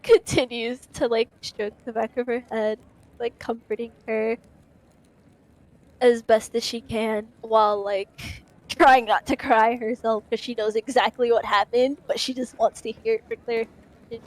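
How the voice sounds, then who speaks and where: A woman's voice: a little high, level tone, moderate pace, low-quality recording. A woman narrating her character in a tabletop role-play game, casual and chatty with many fillers. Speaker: player.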